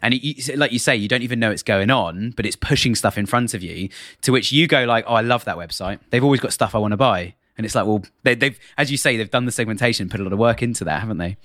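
A British man hosting a podcast, telling stories in a lively way and acting out the exchanges in them. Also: medium pitch, fast talker, no echo, studio quality. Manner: animated storyteller who acts out exchanges. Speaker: podcast host. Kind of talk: conversational podcast chat.

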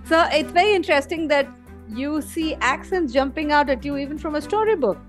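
A woman's voice: high-pitched, animated, fairly quick, faint music behind. A woman hosting a podcast, chatting enthusiastically with a young guest about the news. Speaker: podcast host. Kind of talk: casual chat.

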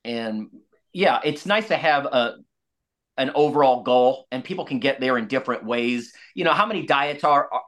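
A man's voice: mid-range voice, a bit bright. A man who is a guest expert on nutrition and exercise, talking in a loose, rambling way with slangy asides in a casual podcast conversation.

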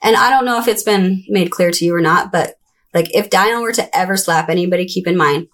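A young woman with a fairly low voice talks through her past in a relaxed, candid way. She slips into bright, squeaky voices to act out what people said. The tone stays conversational and unhurried. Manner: conversational, acts out childhood voices with high-pitched quotes. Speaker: interview guest. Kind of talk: candid personal storytelling.

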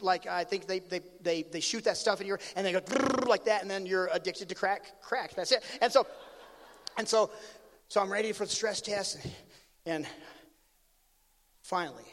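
A man preaching and telling a story, with animated swings from loud outbursts to hushed asides. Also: sits high, big-room sound. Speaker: pastor. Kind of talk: sermon storytelling.

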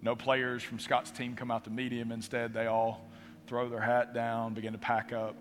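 A man's voice: mid-range voice, completely flat delivery, moderate pace. A man preaching a sermon as pastor, telling the story with dramatic pacing, in a church sanctuary. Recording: reverberant hall with faint music.

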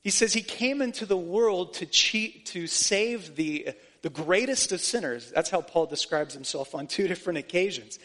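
A man's voice: sits high, expressive, normal speed, hardly any pauses, fairly bright tone. A man preaching a sermon as pastor, earnest and emphatic, repeating phrases to drive points home.

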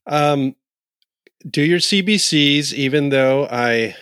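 A man's voice: on the high side, takes it slowly, a bit bright, clear, resonant tone, no room sound, studio quality. A man co-hosting a casual podcast, rambling and jokey, musing aloud with lots of fillers. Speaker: podcast co-host. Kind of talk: casual chat.

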